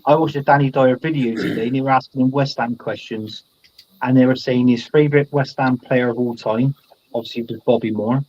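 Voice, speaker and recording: A man's voice: mid-range voice, fairly even intonation, fairly quick, darkish tone. A man on a casual football podcast, teasing and laughing often. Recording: dull, dry sound.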